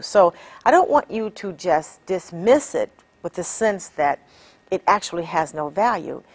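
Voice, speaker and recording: Lively-voiced woman coaching. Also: fairly low pitch. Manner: measured and encouraging, with many rhetorical questions. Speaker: empowerment coach. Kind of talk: motivational teaching talk.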